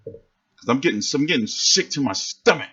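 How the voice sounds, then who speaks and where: A man's voice: mid-range voice, normal speed, breathy edge, muffled recording. A man hosting a livestream, ranting in a casual, profane, fired-up way. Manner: animated, swearing, fired-up. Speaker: livestream host reacting to boxing.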